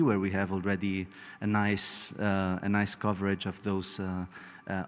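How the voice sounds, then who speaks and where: A man presenting a technical talk at a conference, speaking briskly to fit his time slot. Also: fairly low pitch. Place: large conference hall. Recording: long hall reverb.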